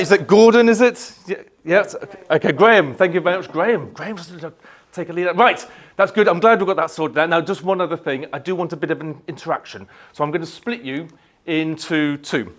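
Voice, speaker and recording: A man giving a live motivational talk, energetically leading the crowd in chants and telling his story. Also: high-pitched. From Yorkshire, England. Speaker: motivational speaker. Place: indoor event hall, live audience.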